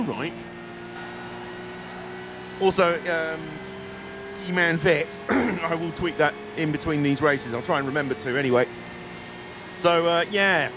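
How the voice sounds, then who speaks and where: A man's voice: fairly high pitch, background noise. Chatty British man streaming a racing game. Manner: chatty, joking, reads chat aloud. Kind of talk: casual live-stream commentary.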